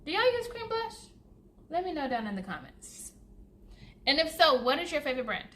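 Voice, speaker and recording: A woman's voice: high-pitched, sing-song, normal speed, fairly bright tone. A woman, chatting casually to viewers through a makeup routine and calling them y'all. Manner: chatty, addresses viewers as y'all, laughs often. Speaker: beauty vlogger. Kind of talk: casual get-ready-with-me chat.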